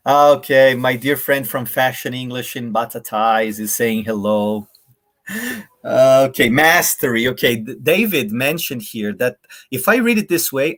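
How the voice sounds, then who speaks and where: A man's voice: mid-range voice, measured pace, fairly bright tone. A man giving a live online workshop, addressing viewers directly in a friendly way and demonstrating intonations aloud. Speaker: workshop presenter. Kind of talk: live online teaching talk.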